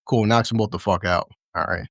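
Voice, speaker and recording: A man hosting a casual recap chat, excitedly narrating fight scenes play-by-play with lots of swearing and laughter. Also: lowish voice, fairly quick, no room sound, clean studio sound. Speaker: show host.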